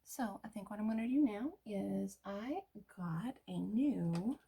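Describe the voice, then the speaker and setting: A middle-aged woman talking casually through her makeup routine, often dropping to a soft whisper. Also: mid-range voice, measured pace, gravelly, husky. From United States. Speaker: beauty vlogger. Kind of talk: casual get-ready-with-me makeup talk.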